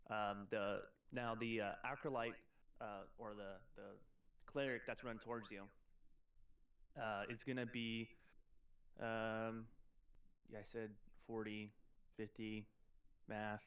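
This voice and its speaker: A man's voice: lowish voice, level tone, takes it slowly, long pauses, a bit bright, clean tone, recorded from a distance. A man running a tabletop game as game master, explaining rules with many fillers and restarts.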